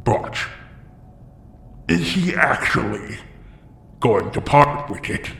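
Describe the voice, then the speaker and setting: A man growling as a gravelly, bloodthirsty beholder. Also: medium pitch, lively intonation, slow, a bit bright, a little hiss or hum, heavily acted. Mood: demanding. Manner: blunt and aggressive. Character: menacing male beholder, harsh and bloodthirsty. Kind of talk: tabletop role-play voicing. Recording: echoey with long reverb.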